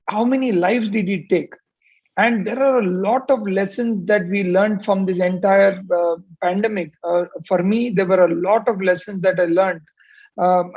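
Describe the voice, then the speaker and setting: Gravelly high-voiced man. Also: darkish tone. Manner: hesitant, many fillers, emphatic phrasing. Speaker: surgeon and panelist. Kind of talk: panel opening remarks. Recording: muffled lo-fi call audio.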